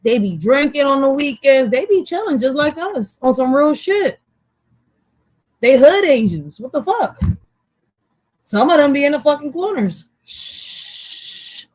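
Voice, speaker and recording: Blunt Philly woman, higher voice. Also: big pitch swings, normal speed, long pauses, darkish tone, dry recording. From Puerto Rican background, raised in Philadelphia. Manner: blunt, swearing, laughing often. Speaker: co-host. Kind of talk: casual profane chat.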